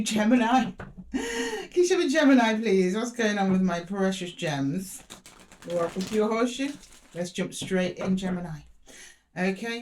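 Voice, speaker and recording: A woman's voice: medium pitch, darkish tone. Chatty woman doing a tarot reading. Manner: chatty and affectionate, talking to viewers as "my loves". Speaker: tarot reader. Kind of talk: casual tarot reading to camera. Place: room in a two-story house.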